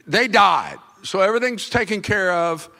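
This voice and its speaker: A man preaching a sermon as pastor, talking conversationally and teasing the congregation, then acting out quotes in sudden high, loud bursts. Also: lively intonation, normal speed, vocal fry.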